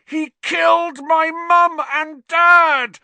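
A man doing a furious, shouting teenage boy. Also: very high voice, little pitch movement, very slow, vocal fry, no echo, voice pushed up, full character voice. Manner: shouting, spitting rage. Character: furious thirteen-year-old boy wizard.

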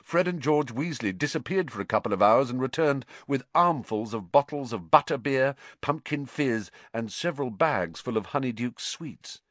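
A man reading a story aloud as an audiobook narrator, in a lively, dramatic storytelling manner. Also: medium pitch, normal speed, hardly any pauses, no room sound.

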